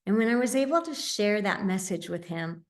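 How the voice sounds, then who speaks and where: A woman's voice: mid-range voice, animated, moderate pace. A woman telling a heartfelt personal story as a medium and speaker, earnest and sincere, with frequent small fillers.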